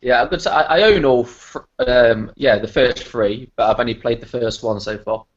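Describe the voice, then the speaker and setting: A man joins a casual stream as a guest and drops in quick, joking remarks. His voice is mid-pitched. The sound is dull and lo-fi. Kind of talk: casual live-stream chat.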